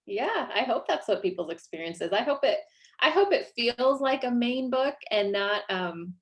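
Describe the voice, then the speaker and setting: A woman from Iowa, an author talking casually about her writing, self-deprecating and quick to laugh. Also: fairly high pitch, very animated. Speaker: author guest. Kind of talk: casual interview chat.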